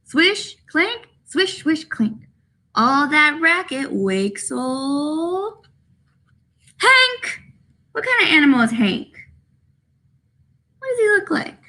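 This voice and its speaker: A young woman leading a children's story time, reading aloud in an animated sing-song way with animal noises. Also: high voice, slow pace, pauses often. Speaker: children's librarian. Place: library room.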